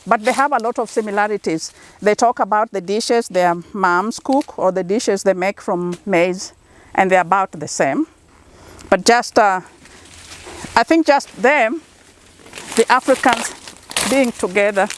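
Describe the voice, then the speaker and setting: A woman's voice: medium pitch, slight background noise. A middle-aged woman with a Kenyan accent, a corn farmer answering interview questions in an earnest, encouraging, storytelling way. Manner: earnest and encouraging, telling stories.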